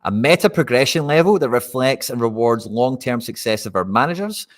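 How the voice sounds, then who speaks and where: A man's voice: medium pitch, expressive, fairly quick. A Scottish man hosting a live fantasy football stream, chatting casually and talking straight to his viewers. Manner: chatty, addresses viewers directly.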